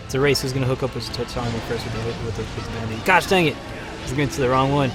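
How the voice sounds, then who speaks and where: A man's voice: mid-range voice, very fast. Chatty man commenting on gameplay. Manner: chatty and excitable, bursts of loud cheering and laughter. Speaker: live-stream host playing a game. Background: game music.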